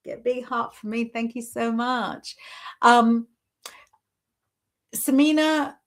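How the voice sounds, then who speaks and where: A woman's voice: fairly high pitch, fairly even intonation, slow. A woman hosting a casual live stream, chatting and encouraging as she reads viewer comments and gives intuitive readings, with lots of "sort of" and "you know".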